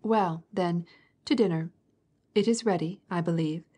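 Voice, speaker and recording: Woman voicing blunt fifty-year-old matron, loud and harsh, scolding, audiobook character. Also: lowish voice, a little slow, slightly rough. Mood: brisk. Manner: scolding, outspoken, mock-gentle teasing.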